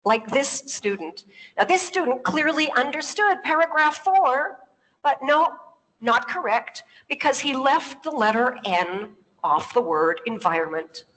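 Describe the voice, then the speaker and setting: A woman's voice: high-pitched, expressive, a little slow, fairly bright tone. A native English-speaking woman giving a public talk, telling stories, laughing often and putting questions to her audience. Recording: long reverb of a large hall.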